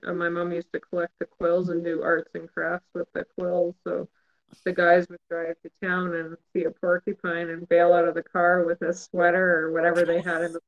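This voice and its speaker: Higher-voiced man in hesitant casual chat. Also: monotone, normal speed, highs cut off. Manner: hesitant, trailing off with fillers and laughs.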